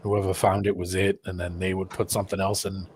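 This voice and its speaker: A man chatting as a guest on a video call, telling rambling stories with halting restarts. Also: sits low, little pitch movement, darkish tone, husky. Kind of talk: casual chat.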